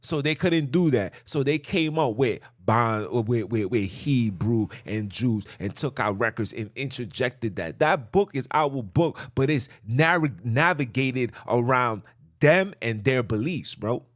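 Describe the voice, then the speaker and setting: Animated preachy podcast man, lively pitch. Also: a little slow, dry recording, clean studio sound. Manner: animated, preachy, repeats himself for emphasis. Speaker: podcast host. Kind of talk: impassioned religious monologue.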